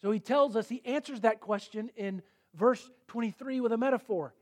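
A middle-aged male pastor preaching a sermon in an earnest, emphatic way, rising to forceful peaks. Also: very high voice, normal speed.

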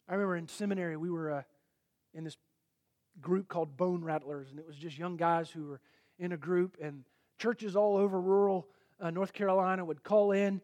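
A middle-aged male pastor preaching a sermon in an earnest, emphatic way, rising to forceful peaks. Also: high voice, fairly quick.

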